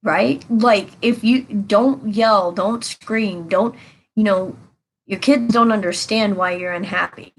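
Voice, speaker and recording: Woman, tarot reader, casual reading, rambling, earnest, emphatic, middle pitch. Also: slow pace, rough recording. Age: adult with children.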